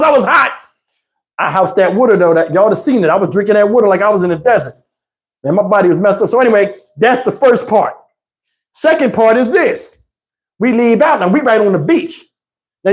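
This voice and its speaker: A man with a Texas accent telling a funny story in casual, animated vlog style, laughing and acting out the people in it. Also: very high-pitched, a little fast. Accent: Southern US, Texas. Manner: animated, swearing, laughs often, acts out the other people in the story. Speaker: vlogger.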